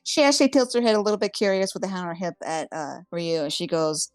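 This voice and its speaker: A woman's voice: on the low side, quick pace, few pauses, no echo, faint music behind. A woman narrating her character's actions in a tabletop game, in a loose, descriptive way. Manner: descriptive, with frequent "kinda" and "she goes". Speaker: player.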